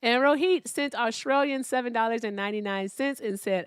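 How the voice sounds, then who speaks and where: A woman hosting a political call-in livestream, speaking in a relaxed, profane, wry way as she reads out donor messages and thanks viewers. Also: fairly high pitch, moderate pace, clear, resonant tone, no room sound, clean studio sound. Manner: speaks softly, not loudly. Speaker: livestream political debate host. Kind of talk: casual livestream chat.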